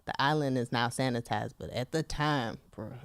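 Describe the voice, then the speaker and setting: A woman co-hosting a podcast in casual, chatty talk, laughing often and filling pauses with "um" and "like". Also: extremely low pitch, no room sound, studio quality. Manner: chatty, laughing, lots of fillers. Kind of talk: casual chat.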